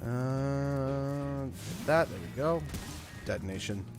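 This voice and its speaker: A man from Canada chatting casually and rambling while playing a video game on a live stream, now and then breaking into sudden loud shouts. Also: mid-range voice, animated, takes it slowly, music in the background.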